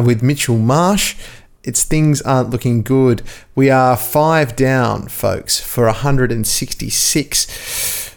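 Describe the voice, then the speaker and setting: A man's voice: medium pitch, smooth. A man hosting a cricket podcast, chatty and jokey, talking straight to his listeners. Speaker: podcast host. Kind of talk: casual podcast sign-off.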